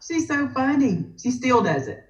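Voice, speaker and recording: A woman with a Southern US accent talks through a live crafting session with a chatty, storytelling ease. Her pitch moves a lot as she talks. The room adds a noticeable echo. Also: very animated, moderate pace, dull audio. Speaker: guest crafter. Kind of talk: casual chat on a live crafting stream.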